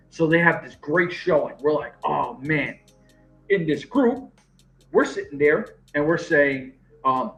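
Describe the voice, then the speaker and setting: A man co-hosting a wrestling podcast, telling stories in casual chat, swearing freely and acting out what his friends said. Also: fairly high pitch. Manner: animated storyteller, swears freely, acts out quoted friends. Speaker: podcast co-host.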